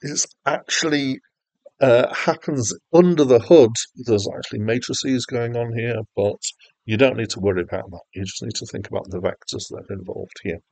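A man teaches game development in a screen-recorded software tutorial, chatty and self-deprecating, with lots of filler words. His mid-range voice has a darkish tone and normal speed. The audio is poor, with no room sound.

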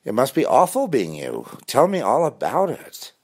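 A man's voice: low-pitched, very animated, brisk, full character voice. A man voicing a sarcastic, taunting stranger in a mocking, sing-song voice.

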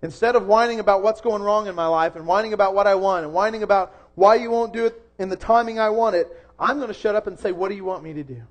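A young man preaching a sermon in a church, earnest, rising to loud emphasis and dropping soft again. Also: sits high, fast talker, few pauses. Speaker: pastor.

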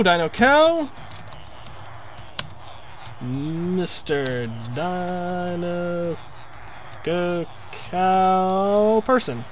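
A young man casually talking through his video game build, rambling with frequent ums and uhs. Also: a little high. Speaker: video host. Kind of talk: casual gameplay commentary.

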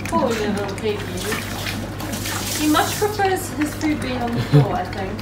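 A woman's voice: fairly high pitch, sing-song, measured pace, very noisy. A woman vlogging at home in a casual chat, talking to her dog in affectionate baby talk. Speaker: vlog host and dog owner.

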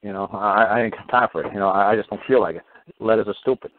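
A man's voice: lowish voice, fairly even intonation, quick pace, dry recording. A man hosting a call-in radio show, telling blunt, rambling stories and swearing casually. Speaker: call-in talk show host. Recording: tinny phone-line radio audio with faint hiss.

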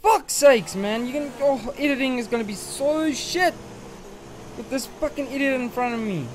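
A man's voice: extremely high pitch, moderate pace, a little hiss or hum. A young man commenting on a racing game he is playing, frustrated and swearing at a rival driver. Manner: frustrated, swearing ranting at an opponent. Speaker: gaming channel host.

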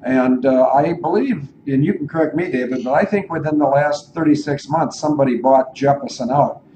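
A man's voice: medium pitch, a little fast, mellow, poor audio. Guy hosting a talk show, rambly, goes off on tangents, bit of faint hiss behind him. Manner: rambling, digressive, thinks aloud. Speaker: show host. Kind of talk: casual radio talk.

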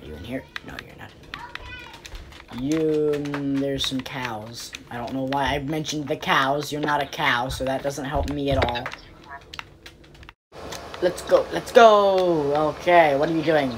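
A woman commentating casually on her game, rambling and playfully exasperated, breaking into quick pleading outbursts. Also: very deep voice, background noise. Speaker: game player.

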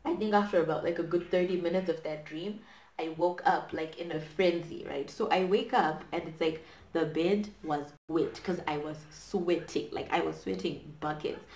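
A woman's voice: lowish voice, steady tone, normal speed, darkish tone. A woman in her twenties from Zimbabwe, telling a dramatic storytime while doing her hair, with lots of fillers. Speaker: vlogger. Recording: echoey room.

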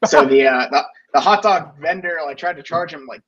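A man's voice: a little high, fairly quick, fairly bright tone, breathy edge, highs cut off. A man telling a story in a casual podcast chat, rambling with many restarts and fillers. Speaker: podcast guest.

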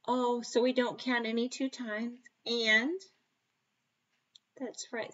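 A woman with a fairly high voice teaching kindergarten math, taking her time over every word. She coaxes and praises young children in a sing-song manner, now and then dropping to a whisper. The sound is a little dull and lo-fi. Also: fairly bright tone. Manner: slow, sing-song and encouraging, talking to children; playful mock surprise, sometimes dropping to a whisper. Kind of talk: video lesson for young children.

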